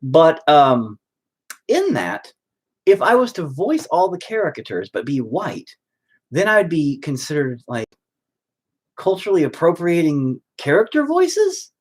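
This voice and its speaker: A man's voice: on the high side, huge pitch swings, unhurried. A man in a rambling, profane ranting monologue, full of stop-start restarts. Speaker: vlogger.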